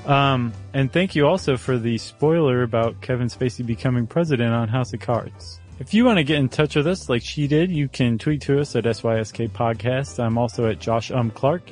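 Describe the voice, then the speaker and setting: A man's voice: mid-range voice, darkish tone. A man co-hosting a podcast, chatting casually and joking, with frequent ums as he thinks aloud. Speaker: podcast co-host. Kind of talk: casual chat.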